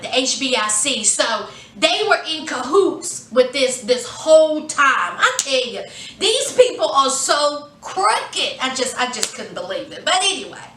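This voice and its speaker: A woman's voice: high-pitched, bright, forceful tone, far from the mic. A woman giving a chatty, casual recap of a TV episode, retelling scenes and acting out quotes as she goes. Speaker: TV series reviewer. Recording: echoey room, away from the mic.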